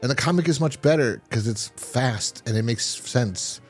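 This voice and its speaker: A man's voice: mid-range voice, normal speed, faint music behind. A man hosting a casual review podcast, retelling a plot in a rambling way with lots of restarts. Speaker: podcast host.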